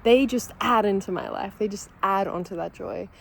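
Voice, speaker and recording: Her medium-pitched voice is creaky and moderately paced, heard on poor audio with slight hiss or hum. Chatting casually in a vlog during breakfast at home with her dogs, she's candid and free with swearing, laughing through near-tears as emotion overwhelms her.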